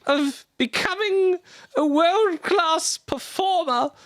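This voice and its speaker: A pompous, washed-up male showman, drunk and full of himself, as a game master puts him on. He talks very high and slow, stretching his words out with grand flair. The recording is close and dry. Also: a bit bright, no echo, full character voice. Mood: grandiose. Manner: grandiose, drawn-out theatrical delivery.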